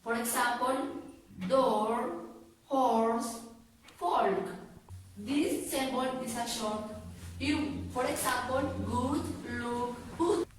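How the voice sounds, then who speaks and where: Woman, slow deliberate lesson delivery, distant mic, noisy echoey room. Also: a little high. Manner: careful, reads each example word slowly. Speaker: student presenter. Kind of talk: slow vowel-by-vowel pronunciation lesson.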